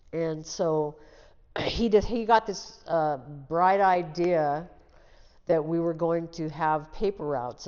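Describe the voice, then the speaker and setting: An interview guest from the Seattle area, a woman in her 60s, shares her life story plainly and candidly in a deep, darkish voice. The sound quality is dull and lo-fi, with a long reverb tail.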